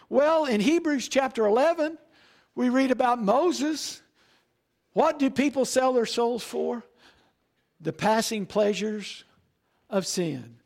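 A pastor preaching a sermon, asking rhetorical questions and repeating key lines. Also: male voice, very high-pitched, animated, slow, vocal fry, long pauses, a little mellow.

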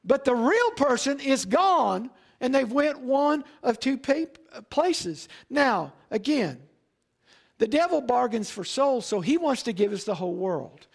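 A pastor preaching a sermon, asking rhetorical questions and repeating key lines. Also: male voice, very high-pitched, very animated, measured pace, gravelly.

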